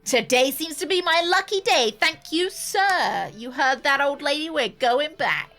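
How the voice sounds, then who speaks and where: A woman voicing a cheeky, gruff older male boat owner in a video game, in a high, squawking voice. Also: animated, moderate pace, a bit bright, soft background music, lightly acted.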